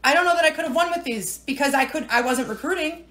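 Woman, high voice, chatty and teary, rambling livestream talk from home. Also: fast, fairly bright tone. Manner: chatty, rambling, emotional, frequent "right?" and "you know". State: tearful, near crying. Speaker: direct-sales team leader. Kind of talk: casual livestream talk to viewers.

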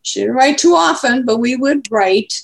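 A woman's voice: a little high, lively intonation, moderate pace, gravelly, a little hiss or hum. A woman in her eighties, chatting casually as an interview guest and telling rambling stories. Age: 80s. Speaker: guest grandmother.

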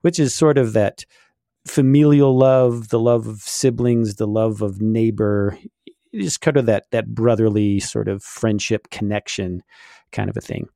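A man's voice: on the low side, fairly even intonation, measured pace, creaky, mellow, dry recording, clean studio sound. A middle-aged man co-hosting a casual faith podcast, explaining at length with many fillers. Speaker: podcast co-host.

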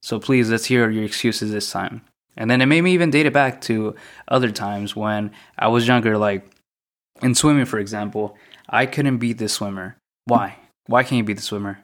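A young man hosting a solo podcast, talking through his thoughts in a mostly monotone, reflective way, often repeating questions. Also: mid-range voice. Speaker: podcast host.

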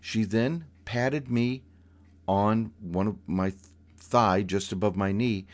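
A man telling a personal story in a measured, unhurried way, with pauses and small restarts. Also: on the low side.

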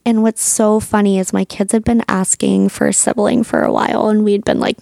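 Gravelly woman telling a personal story. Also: mid-range voice, moderate pace, few pauses, no echo, studio quality. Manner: chatty, filler-heavy, animated retelling. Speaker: podcast host, doula.

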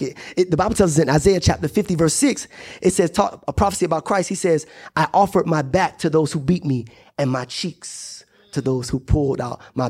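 A man's voice: a little high, a little mellow, husky. A man preaching a sermon as pastor, building to rising, impassioned cadences. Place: church sanctuary.

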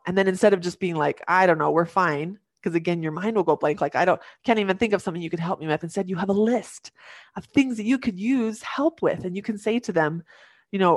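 A woman's voice: on the low side, fairly quick, dry recording, studio quality. A young woman speaking earnestly as a podcast guest, coaching listeners through practical tips and acting out the phrases they might say. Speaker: podcast guest giving advice. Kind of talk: warm encouraging advice talk.

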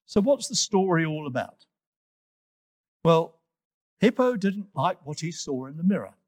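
A man narrating a children's moral story and explaining its meaning gently to young listeners. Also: fairly high pitch, sing-song, measured pace, no room sound, clean studio sound.

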